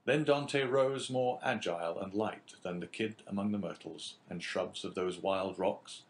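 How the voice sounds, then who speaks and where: A man narrating a classic novel as an audiobook in a measured, even reading. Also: deep voice.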